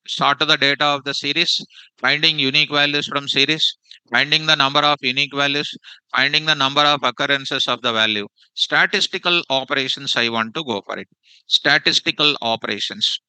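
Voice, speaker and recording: A man's voice: medium pitch, pushed and bright, clear, resonant tone, no echo, poor audio. A man teaching a live programming class, repeating phrases and quizzing his students with "what?" prompts.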